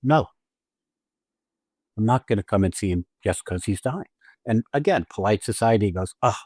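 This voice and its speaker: Blunt, emphatic man with a low voice. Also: a little mellow, breathy edge, no echo. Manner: blunt, profane, emphatic with frequent restarts. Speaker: podcast co-host and acting teacher. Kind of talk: casual explanatory chat.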